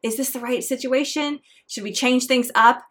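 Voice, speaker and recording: A woman's voice: sits high, fairly even intonation, moderate pace, fairly bright tone. A middle-aged woman hosting her own podcast, talking alone in an earnest, encouraging way about pressing on through hard times. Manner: earnest, encouraging, faith-tinged. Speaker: podcast host. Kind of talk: solo motivational podcast monologue.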